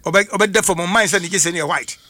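A man's voice: high-pitched, brisk, bright, forceful tone, no room sound. A man with a Ghanaian accent, a football pundit on a radio sports talk show, talking emphatically and often asking rhetorical questions in a studio.

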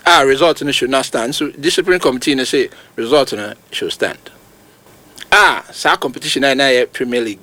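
A man with a Ghanaian accent giving emphatic, animated football commentary on a talk show, his voice jumping high at points of emphasis. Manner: emphatic, animated, rising to sudden high outbursts. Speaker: football pundit. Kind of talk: radio sports talk, mixing Twi and English.

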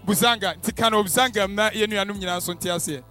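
A man's voice: high-pitched, fast, bright, forceful tone, soft background music. A man hosting a promotional event as MC, upbeat and hyping the crowd. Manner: upbeat, hyping, switching into English.

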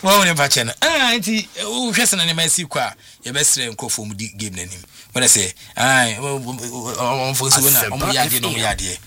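A man's voice: medium pitch, moderate pace, pushed and bright, slight background noise. A man with a Ghanaian accent talking football on a radio sports show, emphatic and repetitive as he drives his points home. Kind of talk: sports talk radio discussion.

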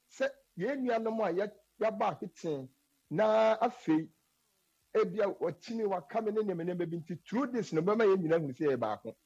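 Lively Ghanaian man, husky and lo-fi. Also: high-pitched. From Ghana, Asante. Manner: lively, emphatic, switches often into English. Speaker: guest speaking on Asante culture. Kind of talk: earnest conversational explanation. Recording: dull lo-fi sound.

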